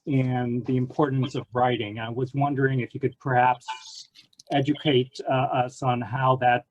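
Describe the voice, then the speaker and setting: A man's voice: mid-range voice, a little mellow. Man questioner, friendly and hesitant, muffled lo-fi video call line. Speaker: audience member asking a question. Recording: dull lo-fi video call audio.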